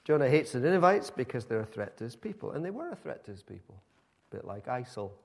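A man's voice: mid-range voice, sing-song, quick pace, vocal fry, a little mellow. A man preaching a sermon in a conversational, emphatic storytelling manner.

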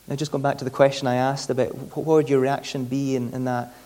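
A man's voice: mid-range voice, flat delivery, fast talker, dark tone. A man preaching a sermon in a conversational way, often repeating words as he searches for the next phrase.

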